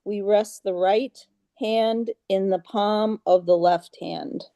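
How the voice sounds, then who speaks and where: A woman leading a group meditation over a video call, patient and halting, with many fillers, chanting mantras in a steady monotone. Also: medium pitch, creaky, dry recording. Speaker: yoga class leader.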